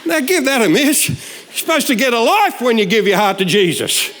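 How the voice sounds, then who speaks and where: A man's voice: very high voice, brisk. A man, preaching a humorous sermon full of stories and punchlines. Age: 60s. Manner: jokey, animated, shouts punchlines. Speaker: guest preacher.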